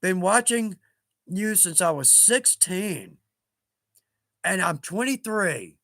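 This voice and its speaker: A man's voice: high voice, expressive, slow, a bit bright, no echo, studio quality. A man in his fifties hosting a casual livestream, chatting in a rambling, self-mocking way and chuckling at himself. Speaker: livestream host.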